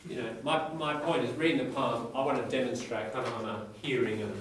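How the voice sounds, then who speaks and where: A man's voice: medium pitch, fairly even intonation, fast, noisy background. A man teaching an English class, explaining in short phrases and checking in with his students. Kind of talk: classroom lecture with reading aloud. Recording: echoey classroom from far off.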